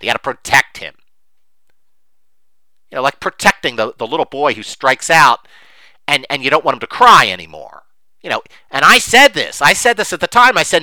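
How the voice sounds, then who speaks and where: A man's voice: mid-range voice, bright, forceful tone, no echo. A middle-aged man giving an unscripted, emphatic monologue on investing, rambling with many fillers. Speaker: investing commentator.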